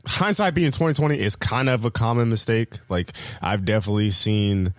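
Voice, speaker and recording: A man's voice: brisk, no echo. Loose-talking man telling a story, dry mic. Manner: animated storyteller, acts out quotes with loud high bursts; loose, profane, many fillers and restarts. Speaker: podcast co-host. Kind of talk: casual storytelling chat.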